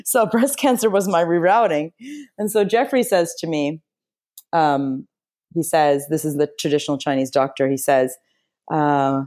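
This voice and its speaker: A woman telling a personal story as an interview guest, chatty and expressive, with frequent fillers and restarts. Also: low-pitched, moderate pace. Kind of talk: casual storytelling in a conversation.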